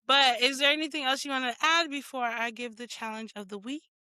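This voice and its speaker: A woman's voice: high voice, steady tone, a little fast, pushed and bright, clear, resonant tone, no echo. A woman hosting a podcast in casual chat, laughing often and acting out her own reactions as quotes. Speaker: podcast host.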